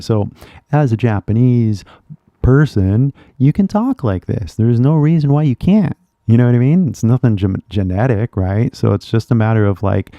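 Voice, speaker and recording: A man's voice: fairly low pitch, mellow, no echo, muffled recording. A man talking casually to viewers on a live stream about learning English, rambling and often asking "you know what I mean?". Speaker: English-teaching YouTuber. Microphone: webcam setup at a computer.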